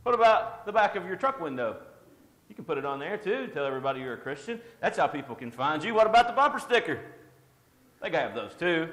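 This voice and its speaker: A man's voice: high voice, pushed and bright. A man giving an informal church devotional in a conversational, self-deprecating way, with jokes at his own expense. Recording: echoey hall with long reverb.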